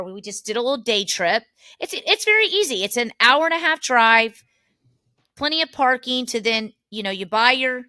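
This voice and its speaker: A woman with a bright, high-leaning voice, chatting as a podcast co-host. She tells family stories in an animated way and laughs often. The sound is close and dry. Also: dry recording. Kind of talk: casual family chat.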